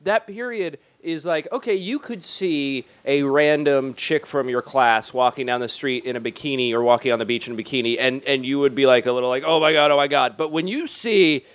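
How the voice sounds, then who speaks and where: A man's voice: mid-range voice, brisk, hardly any pauses, no echo. A man co-hosting a podcast, joking crudely and emphatically. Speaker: podcast co-host. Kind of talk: casual comedic banter.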